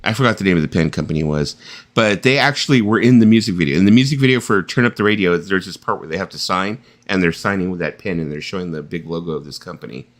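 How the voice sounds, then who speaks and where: Low-voiced man hosting a joking chat. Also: lively intonation, fast talker. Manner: joking, rambling, laughs often. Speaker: live stream host. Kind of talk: casual chat.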